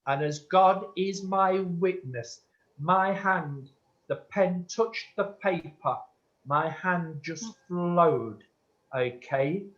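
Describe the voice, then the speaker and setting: A man's voice: sits high, extremely slow, fairly bright tone. A man working as a medium, earnestly answering an audience member's question in a church and calling her sweetheart. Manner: earnest and insistent, calls listeners sweetheart. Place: church hall. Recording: dull lo-fi recording.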